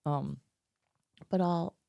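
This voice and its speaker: Slow, gravelly woman telling a story. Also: fairly low pitch, mellow, no room sound, highs cut off. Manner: chatty, filler-heavy, laughing as she tells it. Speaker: vlogger. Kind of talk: personal storytelling. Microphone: desk mic close up.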